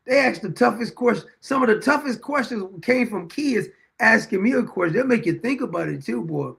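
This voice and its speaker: A middle-aged man hosts his own show and talks through homespun stories with a high-pitched voice and a rough, gravelly edge. He repeats lines for emphasis and breaks into frequent chuckles. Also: animated, a little fast, fairly bright tone. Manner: chuckles often while telling anecdotes; folksy, repeats phrases for emphasis. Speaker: show host. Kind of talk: casual storytelling monologue.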